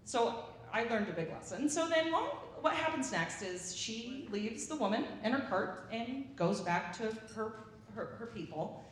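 A woman's voice: on the high side, measured pace, a little hiss or hum. A woman sharing a rambling anecdote with a gathering, acting out the voices of the people in it. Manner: rambling, animated, acts out the voices she quotes. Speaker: speaker sharing a story at a gathering. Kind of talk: casual anecdotal storytelling. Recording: echoey room from a distance.

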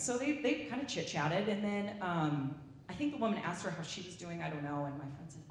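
A woman with a mid-range voice speaks fairly quickly while telling a rambling, animated anecdote to a gathering, doing the voices of those she quotes. Slight background noise accompanies a distant recording in an echoey room.

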